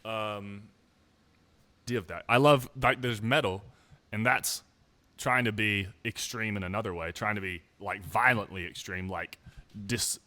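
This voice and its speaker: A man's voice: on the low side, fairly even intonation, measured pace, sharp tone, no room sound. Young man, casual rambling vlog monologue, self-mocking, dry close recording. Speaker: musician vlogger.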